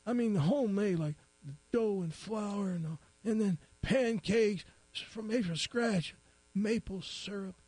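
A man's voice: sits high, darkish tone, slightly rough, no room sound, voice pushed up. A man voicing a very old, tearful man who rambles and stammers. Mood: boasting tearfully. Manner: halting, stammering, boastful.

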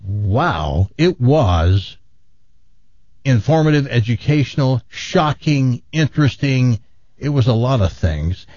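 A man hosting a call-in radio talk show, wry and deadpan, his broadcast sound a little muffled. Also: medium pitch, slow, no echo.

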